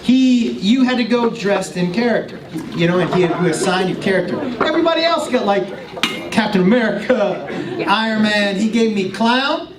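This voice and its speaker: High-voiced, animated stand-up comedian man. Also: normal speed, a crowd in the background. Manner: animated, profane, laughing through punchlines. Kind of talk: stand-up storytelling.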